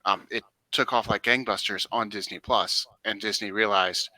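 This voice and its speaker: A man co-hosting a podcast in casual chat, giving frank, measured opinions. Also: lowish voice, steady tone, sharp tone. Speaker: podcast co-host.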